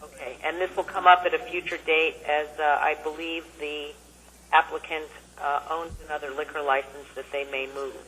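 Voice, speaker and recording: A woman's voice: low-pitched, level tone, moderate pace, fairly bright tone, slight background noise, rough recording. A woman speaking as an assembly member, checking tentatively what is being voted on before she casts her vote. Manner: tentative, asking for clarification. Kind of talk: council floor remarks.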